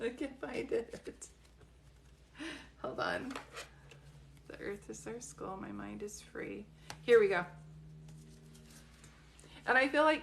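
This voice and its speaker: A chatty, giggly woman gives psychic readings on a live stream. She talks straight to her viewers, loose and conversational, and her voice sits at an ordinary middle pitch. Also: gravelly. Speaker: psychic medium.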